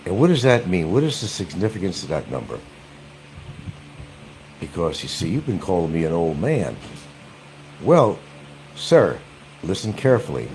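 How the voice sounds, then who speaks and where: A man vlogging from a room in his home in casual chat, mocking and repeating his points slowly and deliberately. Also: deep voice, very animated, darkish tone, slight background noise.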